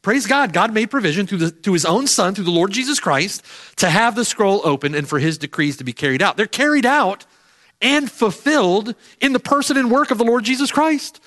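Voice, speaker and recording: Emphatic preaching man, lively pitch. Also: brisk. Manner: emphatic, repeats phrases, rises and falls sharply. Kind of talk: sermon.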